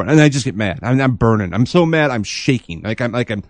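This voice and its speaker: A man co-hosting a podcast, telling a long dream story in a rambling, animated way with many restarts. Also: medium pitch, brisk, dry recording. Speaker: podcast co-host.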